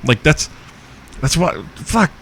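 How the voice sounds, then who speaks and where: A man's voice: on the high side, animated, slow, fairly bright tone, husky. A man hosting a podcast, answering listener questions in a crude comedic rant, profane and joking with frequent chuckles. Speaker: podcast host.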